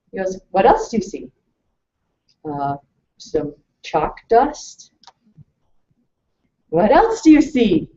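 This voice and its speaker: A woman presenting a lively talk to a live audience, telling stories and asking questions. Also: lowish voice. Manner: animated storytelling, asks the audience questions. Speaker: webinar presenter. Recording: distant mic, muffled lo-fi sound.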